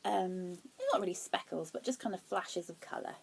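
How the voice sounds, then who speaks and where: A young woman hosting a knitting podcast, chatting casually and excitably, laughing at herself as she shows her yarn. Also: on the low side, moderate pace, gravelly, slightly rough. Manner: excitable, giggly, self-deprecating.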